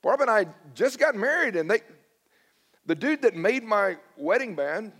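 A man's voice: sits high, very animated, unhurried, a bit bright. A middle-aged man preaching a sermon as a pastor, telling stories in a conversational, self-deprecating way and acting out his own past dialogue.

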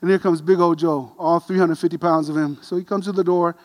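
A middle-aged man preaching, an animated, self-deprecating storyteller who grows quiet and earnest. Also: on the high side, fairly quick. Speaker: pastor. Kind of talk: sermon storytelling.

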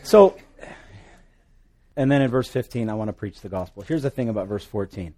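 Lively pastor from Hawaii. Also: male voice, a little fast. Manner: animated, joking asides, pitch and volume swing widely. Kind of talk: sermon.

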